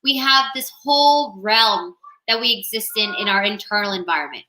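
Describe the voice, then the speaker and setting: A woman's voice: medium pitch, normal speed, pushed and bright, a little hiss or hum, poor audio. A young woman, a musician appearing as a guest on a live stream, chatting in an upbeat, reflective way. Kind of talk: casual live-stream chat.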